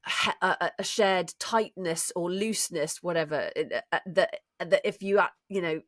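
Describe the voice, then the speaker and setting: A woman's voice: lowish voice, moderate pace, a bit bright, dry recording, clean studio sound. A woman co-hosting a podcast and talking casually about voice acting, with lots of restarts. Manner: chatty, many restarts, explains with enthusiasm. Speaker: podcast co-host and voice actor. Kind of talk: casual chat.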